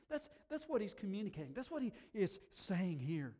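A man's voice: high voice, sing-song, brisk, hardly any pauses. A middle-aged man preaching a sermon, telling personal stories with laughs and building to emotional, emphatic peaks. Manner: warm storytelling, with laughs and emotional swells. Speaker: pastor.

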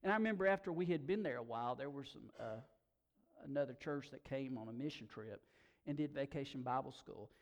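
A man preaching a sermon in a folksy, casual way, talking slowly and dropping asides like "man" and "you know.". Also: mid-range voice. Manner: slow-talking, by his own account. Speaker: pastor.

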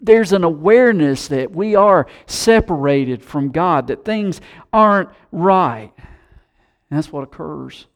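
Animated male preacher. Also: fairly high pitch, takes it slowly. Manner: animated, acts out quoted scoffers. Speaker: pastor. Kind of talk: sermon.

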